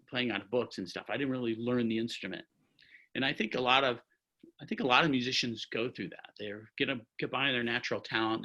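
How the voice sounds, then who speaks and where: A man's voice: mid-range voice, bright, forceful tone, dull audio. A man in his sixties, a trumpet player, telling a long-winded, rambling story with lots of restarts on a video call from home. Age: 60s. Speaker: orchestra trumpet player, guest. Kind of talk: anecdotal storytelling in an interview. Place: at home by his music stand.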